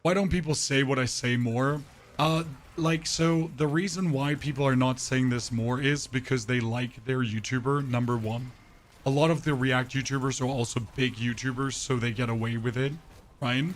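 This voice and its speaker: A man's voice: mid-range voice, fairly even intonation, normal speed, slight background noise. A man streaming a game and chatting with his viewers through a voice changer, opinionated and ranting, often tripping over his words. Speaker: gaming streamer. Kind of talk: casual livestream chat while gaming.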